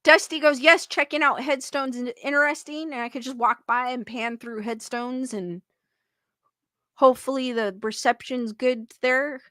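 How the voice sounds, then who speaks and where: A woman's voice: sits high, fairly even intonation, moderate pace, fairly bright tone, no echo, clean studio sound. A woman in her late thirties hosting a live stream, reading viewers' comments aloud and chatting casually, giggling often and breaking into playful sing-song jokes.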